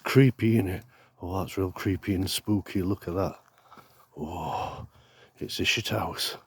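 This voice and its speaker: A man filming a mock-spooky comedy vlog outdoors in woodland, talking deadpan and pretending to be scared, with lots of swearing. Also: low-pitched, a little slow, breathy edge. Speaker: vlogger.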